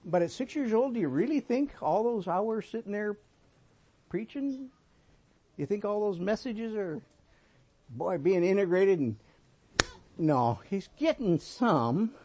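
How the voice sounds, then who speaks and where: A sixty-something man delivers a sermon with a naturally high voice. He tells folksy stories and moves between emphatic exhortation and quiet, gentle asides. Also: expressive, unhurried, long pauses, breathy edge. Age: 60s. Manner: folksy storytelling, swinging between emphatic and soft. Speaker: pastor.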